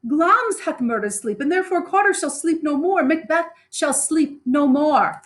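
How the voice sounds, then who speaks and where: A woman's voice: high voice, animated, moderate pace, voice pushed up. A woman voicing a shaken, guilt-ridden nobleman who rambles in shock, in a raised, strained reading. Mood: haunted.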